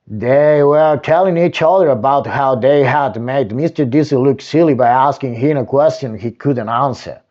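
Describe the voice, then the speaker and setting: A man reading a children's bedtime story aloud, slow and expressive with dramatic pauses, into a desktop microphone. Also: mid-range voice, lo-fi sound. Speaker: storytime reader.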